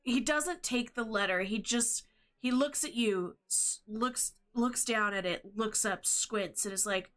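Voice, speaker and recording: A woman narrates a tabletop game as its game master, slowly and with a lot of stops and fillers. Her voice is bright and sits fairly high. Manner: rambling, hesitant, laughs often.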